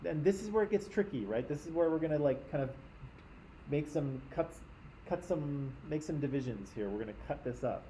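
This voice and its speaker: A man's voice: on the high side, animated, fairly quick, mellow, slight background noise, rough recording. A man from Canada, teaching a class in a conversational lecture and often checking in with his listeners.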